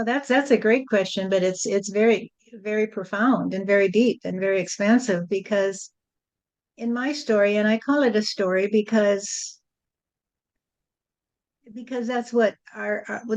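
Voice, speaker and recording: Reflective woman guest, measured speech. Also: medium pitch, a little mellow. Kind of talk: spiritual interview conversation.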